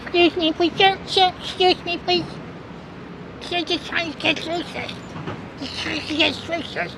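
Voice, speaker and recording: A whiny, pleading voice pitched up very high, as a man puts it on. He begs his way politely through a crowded sidewalk. Traffic and city noise sit clearly behind him. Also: measured pace, full character voice. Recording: outdoor street noise.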